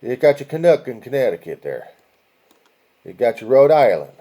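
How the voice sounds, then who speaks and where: A man's voice: mid-range voice, sing-song, normal speed, dark tone. A man hosting a casual video, talking viewers through a map in a rambling way, with profane asides and chant-like lists of places. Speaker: video host.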